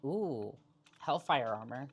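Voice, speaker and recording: Low, unhurried woman streamer; joking gameplay commentary to chat. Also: animated. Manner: jokey, chatting to viewers. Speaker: game streamer.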